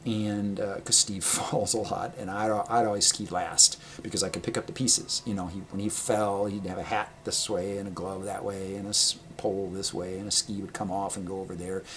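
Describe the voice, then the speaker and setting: A man casually telling a personal travel story, rambling and correcting himself, laughing often and getting animated when he quotes people. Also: low voice, brisk, hardly any pauses, slight background noise. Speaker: vlogger.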